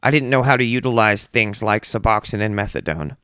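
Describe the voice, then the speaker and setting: A man's voice: lowish voice, animated, a little fast, a bit bright, smooth, no room sound. Casting: young guy, podcast host, casual profane storyteller, dry close mic. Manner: loose, profane, acts out quoted voices.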